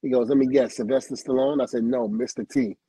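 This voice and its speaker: Middle-aged guy telling stories, husky mellow voice, laughs a lot and does the other people's lines. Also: mid-range voice, fast talker, dry recording, poor audio. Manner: lively storyteller who acts out quoted dialogue, laughs often, swears. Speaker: guest. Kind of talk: telling wrestling career stories on a livestream.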